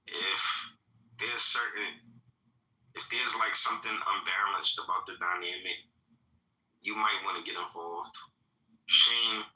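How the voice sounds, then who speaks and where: Bright, distant man with formal phrasing. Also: on the low side. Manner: measured, oddly formal phrasing. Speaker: guest. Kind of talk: casual chat. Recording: distant, echoey mic.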